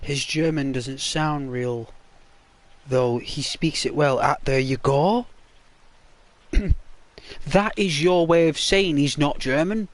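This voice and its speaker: An English man hosting a gaming channel, rambling softly in casual, semi-ASMR gameplay commentary. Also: fairly high pitch, slow, pauses often, no echo. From England. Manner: soft-toned, rambling and chatty.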